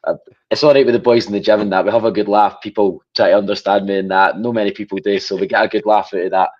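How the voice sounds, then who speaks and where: Fast-talking deep Scottish fighter. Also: male voice, fairly even intonation, no room sound, lo-fi sound. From Scotland. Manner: upbeat, often tags 'mate' and 'you know what I mean'. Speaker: MMA fighter. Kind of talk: casual interview answers.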